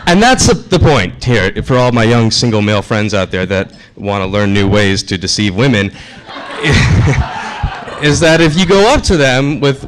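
A man's voice: mid-range voice, a little hiss or hum. A young man performing a stand-up set on a comedy club stage, chatty and self-deprecating with the crowd. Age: young adult.

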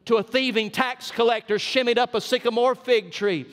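A man's voice: extremely high pitch, steady tone, normal speed, fairly bright tone. A man with a South Georgia Southern accent preaching a sermon as senior pastor, folksy and emphatic, drawing out his punch lines. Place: church sanctuary. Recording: long church reverb.

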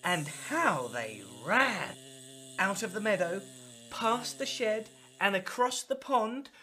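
A man hosting a children's show, reading a picture book aloud in a slow, playful sing-song with sound effects. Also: high-pitched, sing-song, sharp tone. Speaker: children's storyteller host.

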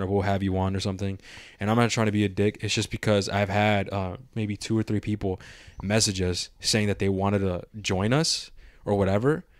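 Low-voiced young man, casual slangy storytelling. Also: no echo, clean studio sound. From Mexican-American. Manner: loose, rambling storytelling with heavy slang and swearing. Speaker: podcast co-host. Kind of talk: casual podcast chat.

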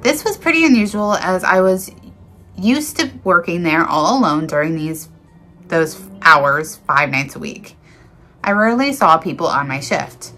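A woman reads creepy encounter stories aloud with earnest, dramatic delivery. Her voice is bright and forward, sitting a little low. She stumbles now and then and restarts a word. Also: expressive, measured pace, soft background music. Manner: earnest, dramatic reading with small slips. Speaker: storyteller reading encounters. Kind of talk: reading viewer stories aloud.

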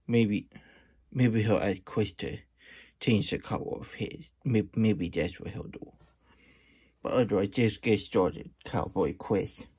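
A man reads a storybook aloud in a playful cowboy persona, breaking off for rambling asides. His voice is mellow and warm, never sharp. He takes it slow and unhurried. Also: on the low side, husky. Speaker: children's book reader. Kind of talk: casual storybook reading.

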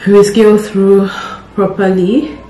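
A woman's voice: medium pitch, level tone, takes it slowly, dark tone, echoey room, a little hiss or hum. A young woman, a doctor, chatting casually to camera about an upcoming exam, nervous and repeating herself. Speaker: doctor vlogging exam prep. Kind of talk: casual vlog talk to camera.

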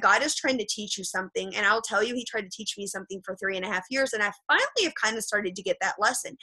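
A woman's voice: mid-range voice, bright, forceful tone, low-quality recording. A woman giving a motivational pep talk to a group over a video call, emphatic and repetitive, blunt and sometimes swearing, often checking in with "okay?". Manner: frank, with mild swearing. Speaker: motivational speaker addressing a group.

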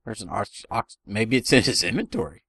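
A man co-hosting a casual gaming session, playful and animated, with bursts of yelling. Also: lowish voice, brisk, creaky, slightly rough, no echo. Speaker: let's play co-host.

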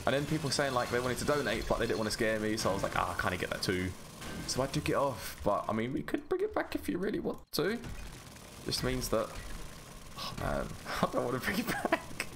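A man's voice: mid-range voice, background noise. A man rambling and chatting with an easy laugh while he gives casual gameplay commentary as a gaming YouTuber.

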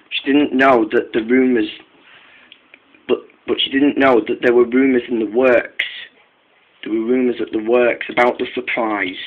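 A man narrating a train story, halting, with frequent restarts and repeated words. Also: mid-range voice, fairly bright tone, lo-fi sound, a little hiss or hum. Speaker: story reader.

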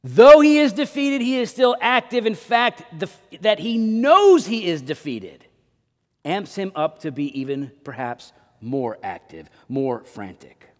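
A man preaching a sermon as pastor, with dynamic delivery that swings between loud emphasis and quiet low drops. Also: lively intonation, slow, big-room sound. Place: church sanctuary.

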